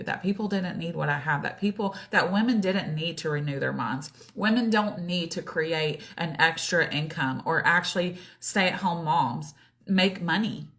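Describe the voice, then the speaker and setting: A woman's voice: low-pitched, fairly bright tone. A woman in her forties talking casually to her viewers as a coach on a live stream. She is chatty and often acts out her own past thoughts, with plenty of "like"s. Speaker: business and wellness coach.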